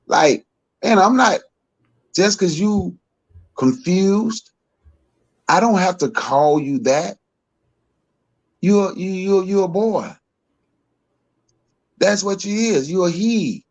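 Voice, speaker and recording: A man, co-hosting a podcast and giving his opinions emphatically, repeating himself and climbing higher as he gets worked up. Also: animated, slow, long pauses. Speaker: podcast co-host. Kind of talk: heated opinion talk.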